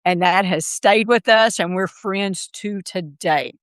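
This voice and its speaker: Speaking slowly in a smooth, medium-pitched voice, a middle-aged woman shares her story as a guest on a podcast. The recording is dry, and she tells it with animation, performing the voices of the people she quotes.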